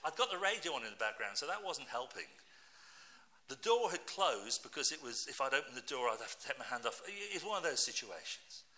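A man's voice: medium pitch, a little fast. A middle-aged British man preaching a sermon, telling personal stories and asking his listeners rhetorical questions. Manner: lively storytelling, asks the congregation rhetorical questions.

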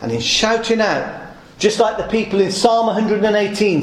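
A man preaches in a lively, rhetorical way, calling out the crowd's cries and answering his own questions. His voice sits fairly high for a man. The sound rings around an echoey church hall. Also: moderate pace. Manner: animated, rhetorical questions, acts out crowd shouts. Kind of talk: sermon.

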